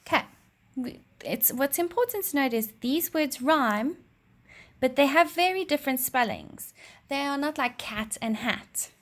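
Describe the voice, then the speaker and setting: A woman teacher with a fairly high voice explains a children's reading lesson. She talks slowly and clearly, spelling out each step for young learners. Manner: slow, clear teacherly delivery with expressive read-aloud of a rhyme.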